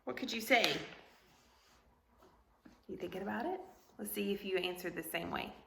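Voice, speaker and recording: A woman teacher reading a picture book aloud to young students, asking them questions in an animated, sing-song way. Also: medium pitch, normal speed, creaky, reverberant, a little hiss or hum.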